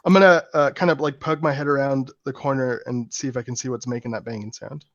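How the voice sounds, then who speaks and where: A man's voice: mid-range voice, fairly even intonation, fast, no echo, lo-fi sound. Rambling jokey male player, dry sound. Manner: rambling, jokey, playing a drunk character. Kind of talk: casual tabletop play.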